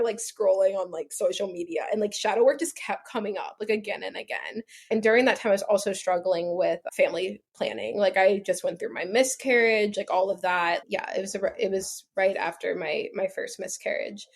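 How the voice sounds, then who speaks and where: A woman in her thirties talks as a podcast guest in an easy, rambling way, leaning hard on "like" and laughing between thoughts. Her voice sits at an ordinary middle pitch. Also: a little fast, creaky, few pauses, slightly rough. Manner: chatty, heavy use of "like", laughs often. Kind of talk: casual storytelling interview.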